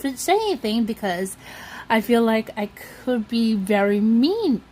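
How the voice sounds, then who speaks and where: A woman's voice: on the high side, very animated, unhurried, a little mellow, a little hiss or hum. A woman vlogger telling a long story in a casual, rambling way, often circling back with "so anyway".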